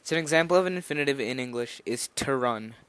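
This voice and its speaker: A man's voice: mid-range voice, expressive, quick pace, fairly bright tone, clear, resonant tone, no room sound. A nervous young man giving an informal spoken language lesson, rambling a little with fillers and restarts as he explains. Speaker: language teacher.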